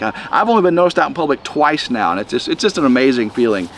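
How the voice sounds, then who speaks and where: A middle-aged man rambles to his camera outside on a windy day. His voice sits at an ordinary pitch, and he talks in stops and restarts with a slightly congested chest. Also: expressive, a bit bright. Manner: rambling, halting, many restarts. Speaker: vlog host. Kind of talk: casual rambling vlog. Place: outdoors in the wind.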